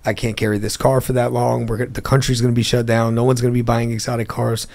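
Man, gravelly voice, fairly flat pitch; a guest telling stories in a laid-back interview. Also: fast talker. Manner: animated storyteller acting out phone calls. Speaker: interview guest, car dealer. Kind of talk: storytelling in a casual interview.

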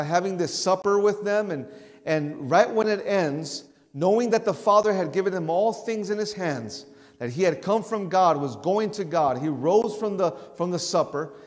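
A man with a high voice teaches a Bible study in a loose, conversational way. He often restarts his words and now and then lifts his voice to act out a shout. A long reverb trails after him.

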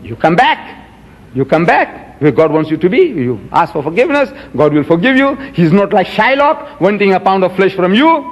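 A dull, lo-fi archive recording captures a man giving an emphatic religious lecture in a reverberant hall, quoting scripture with dramatic swings in his voice. He has a high voice, very animated, at normal speed.

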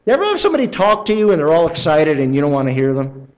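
A male pastor preaching a sermon in a church, conversational and animated, acting out other people's excited voices. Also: on the high side, racing, low-quality recording. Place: church sanctuary.

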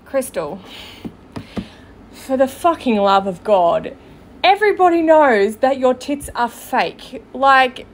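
A woman's voice: high voice, very animated, slow. A woman hosting a podcast, reacting bluntly to played clips with profane, sarcastic commentary. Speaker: podcast host.

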